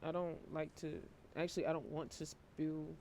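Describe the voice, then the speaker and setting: A worn-out man giving a casual tarot reading to camera, talking in a flat, low-energy monotone and swearing casually. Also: moderate pace, vocal fry, slight background noise. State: emotionally worn out. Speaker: tarot reader.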